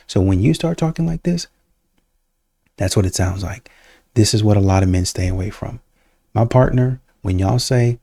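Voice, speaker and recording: A man's voice: medium pitch, lively intonation, normal speed, creaky, dark tone, no room sound. A young man hosting a reaction video, rambling through argumentative rebuttals in casual commentary. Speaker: host reacting to clips.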